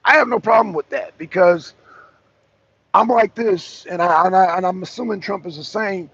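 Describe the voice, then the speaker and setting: A man's voice: high voice, moderate pace, creaky, a bit bright, slightly rough, dry recording. A man hosting a casual political talk show, speaking emphatically with a caller, repeating himself and restarting sentences often. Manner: emphatic and repetitive, with frequent restarts. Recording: dull lo-fi sound.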